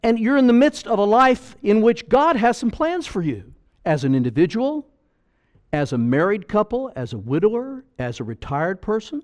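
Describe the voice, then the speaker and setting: A man's voice: sits high, big pitch swings, normal speed. A man preaching a sermon as pastor, emphatic and pleading, full of rhetorical questions.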